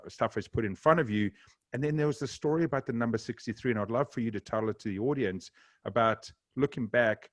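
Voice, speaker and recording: A man's voice: medium pitch, no room sound. A man hosting a podcast interview, asking questions casually with frequent hesitations. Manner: casual, hesitant, many ums. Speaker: podcast host.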